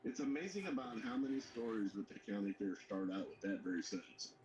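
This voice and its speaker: A man's voice: on the low side, lively intonation, brisk, highs cut off. A man in casual chat, telling stories in an easygoing way and stumbling over the starts of sentences. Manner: laid-back storyteller, stammers at starts. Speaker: co-host. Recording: echoey room with background noise.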